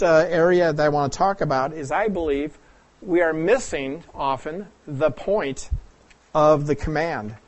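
A man from the Pacific Northwest of the United States preaching a sermon, talking it through like a teacher, asking the audience questions and often clearing his throat. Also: a little high.

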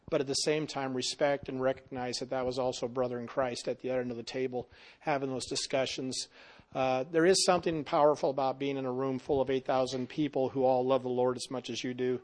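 A man, a pastor, telling a story in casual group talk, rambling with many fillers and restarts. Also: mid-range voice.

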